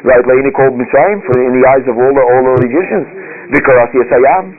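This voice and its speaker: A man teaching a religious text class, reading passages aloud and translating them line by line in a halting, repetitive way. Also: mid-range voice. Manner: halting, repeats words while translating aloud. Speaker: Torah teacher. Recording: phone-like radio broadcast.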